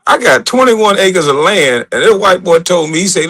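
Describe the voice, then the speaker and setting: A man's voice: high-pitched, expressive, normal speed, hardly any pauses, a bit bright. A man hosting a casual livestream, talking loosely with a lot of swearing and joking. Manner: loose, profane, joking and laughing. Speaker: livestream host.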